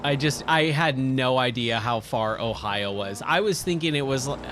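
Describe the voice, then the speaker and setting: A gaming streamer in his thirties casually tells a rambling story full of fillers and self-corrections, his medium-pitched voice at normal speed. Loud racing game sounds play underneath, making the background noisy.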